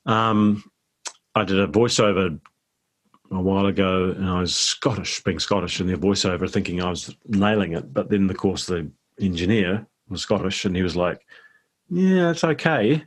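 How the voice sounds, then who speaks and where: A New Zealand man with a very low, deep voice talks through his stories in an easygoing, rambling way. He is a middle-aged actor chatting as a guest in a relaxed interview. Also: moderate pace.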